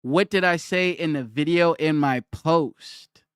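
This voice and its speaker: A man's voice: a little high, measured pace, clean tone, dry recording, studio quality. A young man on a live stream who argues with his chat, repeats his challenge and reads their comments aloud.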